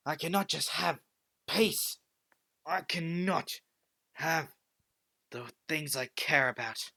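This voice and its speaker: A man voicing a young male hero who shouts in strained, high-pitched desperation. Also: slow pace, vocal fry, exaggerated voice. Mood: bitter.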